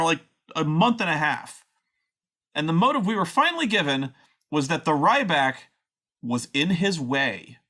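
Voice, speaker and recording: A man's voice: fairly high pitch, sharp tone. Exasperated guy ranting, sarcastic and sweary, voice bouncing all over the place. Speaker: wrestling show reviewer. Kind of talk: profane ranting commentary.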